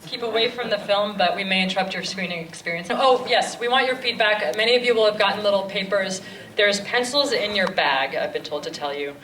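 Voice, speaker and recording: A woman's voice: mid-range voice, a little fast. A woman from Los Angeles, chattily giving joking instructions to a cinema audience. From Los Angeles, USA. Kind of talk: live address to a cinema audience. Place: large cinema auditorium. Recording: echoey hall, far from the mic, loud crowd. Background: audience noise and murmur.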